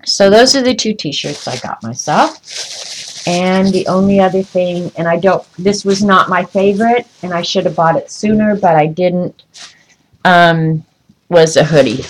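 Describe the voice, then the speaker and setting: A woman's voice: lowish voice, unhurried, a little hiss or hum, rough recording. A woman chatting casually on a livestream from a room at home, rambling and talking to viewers by name. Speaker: vlogger showing travel souvenirs.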